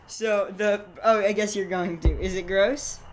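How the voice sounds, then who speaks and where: A young woman co-hosts a comedy podcast, rambling and playful as she spins silly stories. Her voice sits in a middle range. A faint steady hiss runs under the recording. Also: medium pitch, unhurried. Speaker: podcast co-host. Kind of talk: casual comedic chat.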